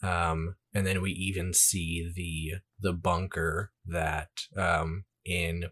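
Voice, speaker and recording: A man's voice: deep voice, level tone, slow, fairly bright tone, breathy edge. A man co-hosting a podcast in casual chat, rambling through a film recap with fillers and acted-out lines. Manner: rambling, many fillers, acts out dialogue. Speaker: podcast co-host.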